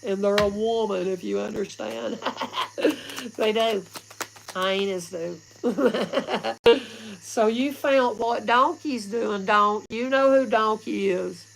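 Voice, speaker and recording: A woman's voice: mid-range voice, slow, gravelly, slight background noise, low-quality recording. A woman giving a casual livestream tarot reading, rambling, blunt and often laughing. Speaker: tarot reader.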